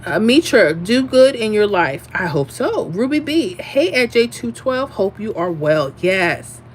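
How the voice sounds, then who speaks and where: A woman's voice: medium pitch, measured pace, slight background noise. A woman hosting a casual livestream, chatting sassily and telling stories while reading viewer comments. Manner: sassy, animated storyteller. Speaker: livestream host.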